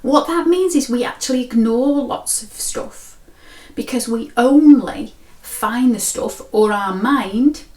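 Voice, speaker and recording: A woman's voice: a little high, slow pace, darkish tone. A woman, a mind coach telling a story and explaining in a friendly, conversational way. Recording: roomy echo.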